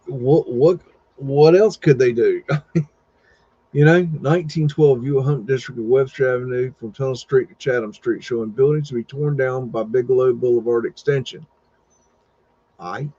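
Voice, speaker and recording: A man's voice: medium pitch, normal speed, mellow, dry recording. A man hosting a live show, casually talking through old photos with rambling, chuckling asides. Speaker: host. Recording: dull, dry lo-fi sound.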